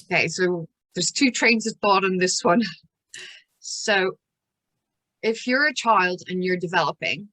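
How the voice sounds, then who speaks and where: Irish lady counsellor, lower voice, explains stuff and acts out little bits, dry sound. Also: a bit bright, no room sound. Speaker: child and adolescent counsellor. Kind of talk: interview guest explaining.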